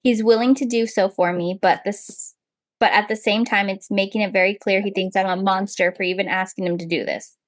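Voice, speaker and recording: A woman's voice: mid-range voice, no echo. A young woman co-hosting a podcast, reading out a listener's story and reacting in casual chat with frequent laughs. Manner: expressive, laughs often, quick reactions. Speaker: podcast co-host.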